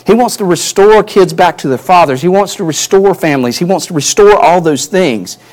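A man's voice: high-pitched, expressive, normal speed, a little mellow. A male pastor preaching a sermon earnestly, his emphasis rising and falling, often repeating words as he builds a point.

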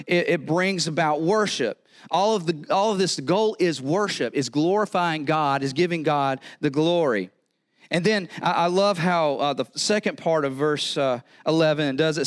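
A man with a Southern US accent preaching a sermon as pastor, animated and repeating words as he builds to excited exhortation. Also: on the high side, normal speed. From American South.

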